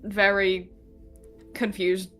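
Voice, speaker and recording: A woman's voice: medium pitch, little pitch movement, extremely slow, fairly bright tone, soft background music. A woman playing a tabletop game, playful and wry. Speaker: player.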